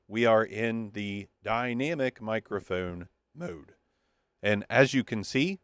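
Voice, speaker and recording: A man's voice: on the low side, fairly bright tone, no room sound. A man giving a casual, joking microphone review from his home studio, thinking aloud as he tests the gear. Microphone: testing a handheld wireless mic.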